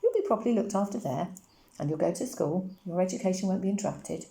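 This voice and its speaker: A woman reading as a tired, dignified father in a storybook, polite yet proud and firm. The voice is low with a gravelly texture. It sounds roomy and echoey. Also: lively intonation, warm tone. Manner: measured and firm. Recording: roomy echo.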